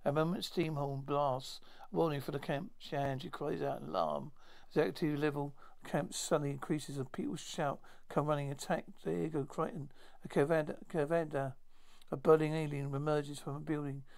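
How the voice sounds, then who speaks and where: Gravelly man retelling a sci-fi story. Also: on the high side, fairly even intonation, darkish tone. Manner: halting, many restarts and self-corrections. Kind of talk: retelling a sci-fi episode aloud.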